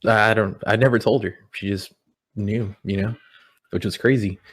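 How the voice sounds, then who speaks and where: A young man telling personal stories in a relaxed, rambling way, full of "you know". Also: on the low side, normal speed, breathy edge. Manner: rambling, repeats words, many "you know"s. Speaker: guest. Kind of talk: casual podcast storytelling. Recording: audio-only podcast.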